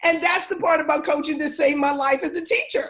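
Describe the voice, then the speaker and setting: High-pitched woman, guest on a podcast, animated storyteller doing little voices. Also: a little fast, poor audio. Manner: animated, acts out quoted voices. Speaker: guest, former teacher and coach. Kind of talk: storytelling in a casual interview.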